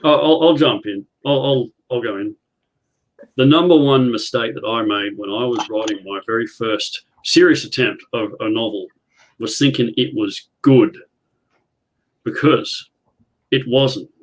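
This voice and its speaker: A man's voice: medium pitch, unhurried, low-quality recording. A man on a writers' video call panel, explaining his point earnestly with analogies. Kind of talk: casual video call chat.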